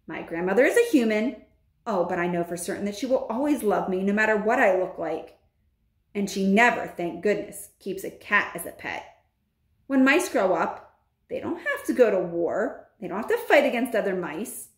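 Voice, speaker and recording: A woman reads a children's novel aloud in an expressive, storybook way. Her voice sits at a middle pitch but moves a lot. The room gives it a noticeable echo. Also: moderate pace. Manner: expressive, with lively intonation. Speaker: teacher reading a novel aloud. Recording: roomy echo.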